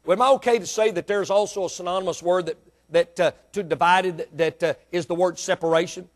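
High-voiced preacher. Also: male voice, fairly even intonation, a little fast. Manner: preaching with rising emphatic bursts and direct questions to the congregation. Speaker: pastor. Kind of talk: sermon. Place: church.

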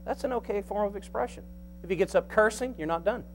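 A man preaching a sermon in a folksy, animated way, swinging between soft asides and loud emphasis. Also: sits high, fast talker, a little hiss or hum. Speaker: pastor.

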